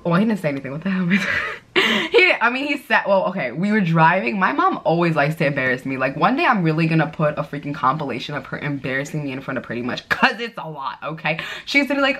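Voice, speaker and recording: A woman's voice: fairly low pitch, big pitch swings, fast talker, a bit bright, slightly rough. Chatty young woman doing her makeup. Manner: chatty, bubbly storytelling with lots of fillers. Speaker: beauty vlogger. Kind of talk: casual chat while doing makeup.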